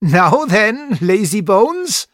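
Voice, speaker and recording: A man voicing a cheerful, kindly German male tutor in a storybook reading, calling out loud and slow. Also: high-pitched, very animated, no room sound, clean studio sound, pitched above the performer's own voice, exaggerated voice. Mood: teasing.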